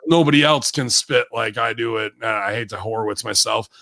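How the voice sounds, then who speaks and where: A man, a wrestler guest on a podcast, telling brash profane stories with loud bursts and laughs. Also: mid-range voice, brisk, no echo. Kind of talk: profane casual interview chat.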